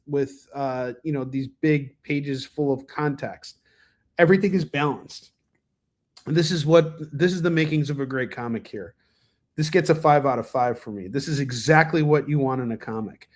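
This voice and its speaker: A man with a somewhat high voice talks through comics on a casual stream. He rambles with lots of fillers and restarts, and he gets enthusiastic. A cough breaks in now and then. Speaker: comic book reviewer, stream host. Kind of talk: casual livestream review chat.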